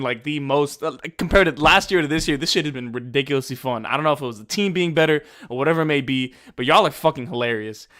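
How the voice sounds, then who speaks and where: A man's voice: on the high side, a bit bright. A young man on a sports stream panel, talking in a casual, rambling way and swearing. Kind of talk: casual profane chat.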